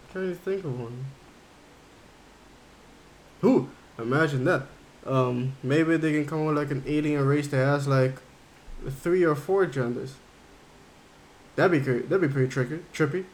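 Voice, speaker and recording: A man's voice: a little high, a little hiss or hum. A man livestreaming a game, chatting casually and rambling as he thinks aloud while reading chat. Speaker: game streamer.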